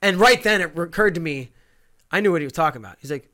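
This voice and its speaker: Bright, high-voiced man telling stories. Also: quick pace. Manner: animated, acts out other voices. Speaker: guest. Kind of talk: casual storytelling chat.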